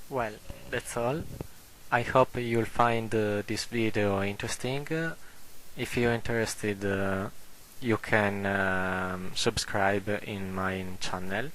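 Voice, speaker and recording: Slow, halting man reading word lists. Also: medium pitch, steady tone, sharp tone, slight background noise, low-quality recording. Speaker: language video maker.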